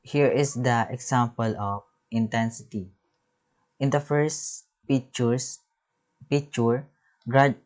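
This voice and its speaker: A male music teacher works through his slides one term at a time, reading each definition aloud. He goes slowly and breaks off mid-word to start again, in a voice of ordinary middle pitch. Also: rough recording. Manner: halting, reads terms and definitions with restarts.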